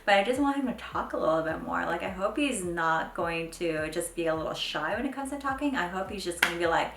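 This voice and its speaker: A young woman chatting casually to camera as a mom vlogger, full of "like" and "um", with pitch jumping up when she mimics her kids. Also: lively intonation, a little fast, fairly bright tone. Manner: chatty, fills speech with "like" and "um". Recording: echoey home room, faint background noise.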